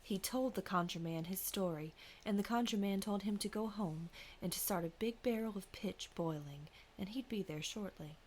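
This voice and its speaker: A woman podcast co-host narrating a folk ghost story in a hushed, whispery way, then chatting casually. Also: mid-range voice, moderate pace, few pauses, a little hiss or hum.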